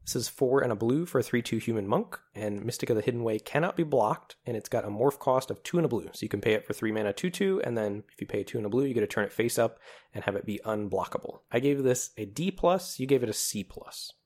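A male podcast co-host with a lively, swinging pitch who talks about his picks with eager enthusiasm. His voice sits in a middle register and he laughs easily. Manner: enthusiastic, animated, quick to laugh. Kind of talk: casual chat about card-game strategy.

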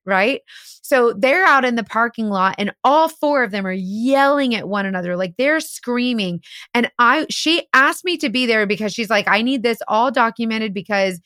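Animated chatty woman telling a story. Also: on the high side, normal speed, dry recording, clean studio sound. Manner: animated, lots of "like", acts out quotes. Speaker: podcast host. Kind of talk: casual storytelling chat.

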